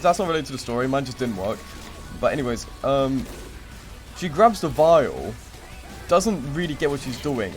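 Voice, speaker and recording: A young man streaming, telling a rambling story in casual chat with lots of fillers and acted-out quotes. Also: mid-range voice. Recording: music playing behind.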